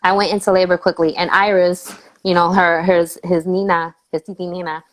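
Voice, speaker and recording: A woman's voice: lowish voice, normal speed, low-quality recording. A woman guest telling a family story in a casual interview, acting out other people's voices as she goes. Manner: animated storyteller, acts out quoted voices.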